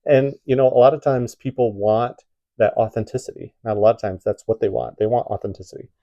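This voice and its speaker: A man's voice: mid-range voice, a little fast, mellow, dull audio. A man with a Midwestern accent giving casual advice to camera from home, rambling with many fillers and restarts. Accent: Midwestern American. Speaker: YouTube creator giving tips.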